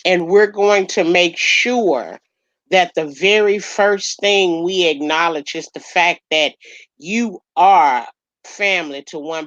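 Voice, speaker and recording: A woman's voice: low-pitched, fairly bright tone, dry recording, lo-fi sound. A woman hosting a casual livestream chat, talking affectionately and calling people baby and honey. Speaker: livestream host.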